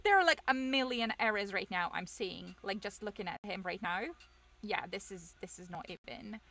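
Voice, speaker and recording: Bright-voiced woman streamer chatting. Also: medium pitch, moderate pace. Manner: rambling, self-deprecating, laughs often. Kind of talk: casual chat with stream viewers.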